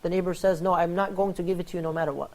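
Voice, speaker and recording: A man hosting a religious panel talk on charity, telling stories in an animated way and acting out the quoted lines. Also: high-pitched, very fast. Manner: animated storyteller, acts out quoted dialogue. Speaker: host.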